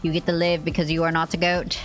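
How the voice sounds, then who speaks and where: A young woman streaming a game, chatting playfully with friends and chat, rambling and swearing with sudden high yelps. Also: monotone, fast, faint music behind. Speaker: VTuber streamer. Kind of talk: casual gaming stream chat.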